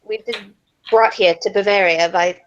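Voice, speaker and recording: A woman's voice: mid-range voice, steady tone, normal speed, highs cut off. A woman playing a tabletop game, speaking in character in an earnest, questioning way. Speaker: player.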